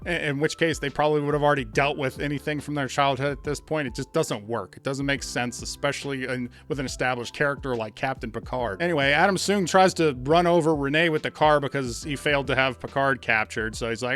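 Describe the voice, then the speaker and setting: A man giving a casual, sarcastic review of a TV episode, exasperated and animated. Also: medium pitch, a little fast, few pauses, soft background music. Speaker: show reviewer.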